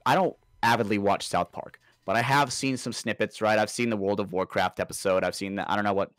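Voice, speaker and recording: A man co-hosting a podcast, telling a story in an animated way, swearing freely and saying dude a lot. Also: fairly low pitch, brisk, no echo. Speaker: podcast co-host.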